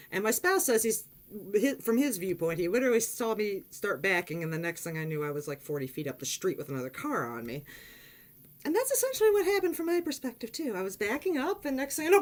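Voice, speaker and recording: A woman casually telling a personal story on her vlog, animated and blunt, acting out quotes and swearing freely. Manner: animated, swearing, acts out quotes in high excited voice. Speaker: vlogger.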